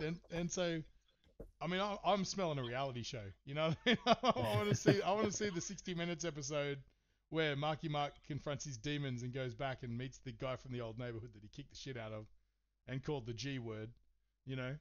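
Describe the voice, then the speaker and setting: A man's voice: on the high side, quick pace. Swearing, rambling male podcast host. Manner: profane, rambling storytelling with many fillers. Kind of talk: casual chat. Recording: slightly dull, muffled sound.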